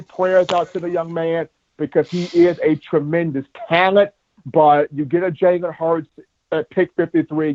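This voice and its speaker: A man co-hosting a sports podcast, telling animated stories in casual talk and repeating words as he goes. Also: fairly high pitch, dry recording. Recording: muffled lo-fi dry sound.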